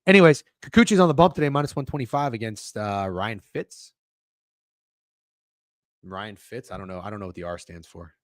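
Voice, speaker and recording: A young man hosting a sports betting livestream, talking casually and excitably, swearing often and restarting his sentences. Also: fairly low pitch, a little fast, long pauses, no room sound, clean studio sound. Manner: excitable, profane, rambling with frequent restarts. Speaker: sports betting show host.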